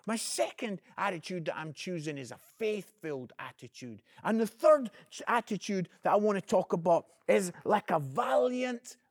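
High-voiced earnest male evangelist. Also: normal speed, few pauses, no room sound, studio quality. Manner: earnest, calls the listener "friend"; energetic, swings between loud emphasis and quiet. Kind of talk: inspirational video message.

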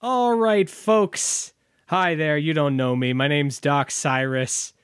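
Man, tabletop player in character, folksy crowd address, slightly higher voice, dry. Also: fairly even intonation, takes it slowly, a bit bright, smooth, dry recording. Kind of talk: in-character speech in a tabletop game.

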